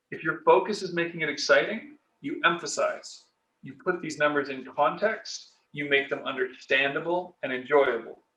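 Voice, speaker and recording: A man's voice: a little high, bright, forceful tone. A man hosting an educational commentary, talking conversationally and often checking in with a rhetorical "right?". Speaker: host. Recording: roomy, distant mic.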